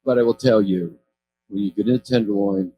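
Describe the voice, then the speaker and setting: Speaking a little fast in a lowish voice, a man in his sixties from California tells rambling stories about community work from an event stage. He corrects himself and chuckles as he goes, and the background is noisy.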